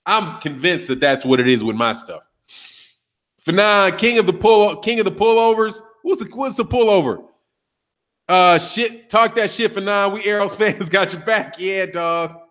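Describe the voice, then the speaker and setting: A man's voice: high-pitched, moderate pace. A man in his thirties hosting a boxing channel, talking casually and profanely, trash-talking while reading a live chat. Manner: animated, profane, trash-talking, laughs often.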